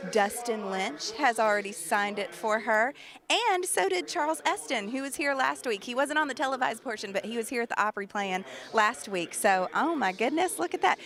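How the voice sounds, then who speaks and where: A woman's voice: fairly high pitch, a bit bright. A woman from Tennessee with a Southern accent, hosting a live-stream show in a bubbly, gushing way. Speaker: livestream host.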